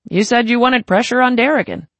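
A narrator voicing a smooth, mocking young gang boss in his twenties, with a lilting, showy delivery. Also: medium pitch, brisk, a bit bright, dry recording, voice pushed up, natural voice. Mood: taunting. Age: 20s. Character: smooth, taunting young male Italian-born gang boss.

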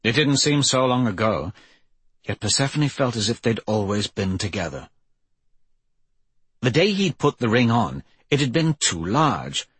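A man narrating an audiobook in a measured, even reading voice, slightly husky. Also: medium pitch. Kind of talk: scripted narration.

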